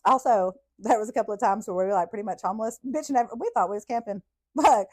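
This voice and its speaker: A woman tells childhood stories on her podcast. She talks casually, swears freely and breaks into laughter often. Her voice sits at an ordinary middle pitch for a woman. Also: quick pace. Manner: profane, laughing, animated storytelling. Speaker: podcast host. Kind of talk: casual storytelling.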